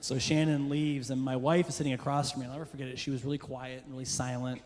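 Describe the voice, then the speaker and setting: A man telling a funny personal story in a sermon to a church crowd, moving between playful jokes and hushed earnest moments. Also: medium pitch, level tone, quick pace. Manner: comic, self-deprecating storyteller who shifts into hushed earnest passages. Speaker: church speaker. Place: church hall with a live audience. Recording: roomy hall reverb with faint background noise.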